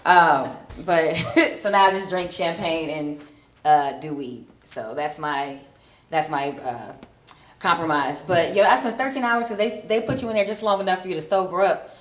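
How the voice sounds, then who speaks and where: In an echoey comedy club, a Chicago stand-up in her forties chats through a self-mocking set peppered with ums. She speaks in a lowish voice at a moderate pace, with a little hiss or hum in the background.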